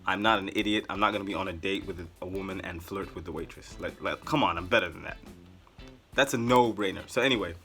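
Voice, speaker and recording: Man, deep voice, bright edge, casual storytelling, rambling and sarcastic. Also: fast talker, soft background music. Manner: animated, rambling, with sarcastic asides. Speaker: vlogger.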